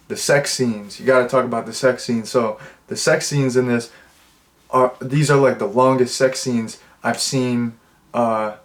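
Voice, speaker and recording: A man giving a casual, rambling movie review, amused and full of filler words. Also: medium pitch. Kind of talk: casual unscripted monologue.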